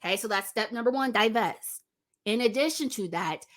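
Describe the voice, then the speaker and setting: A woman's voice: mid-range voice, normal speed, a bit bright. A woman hosting a commentary channel, talking straight to her viewers and repeating her points for stress. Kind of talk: direct-to-camera commentary.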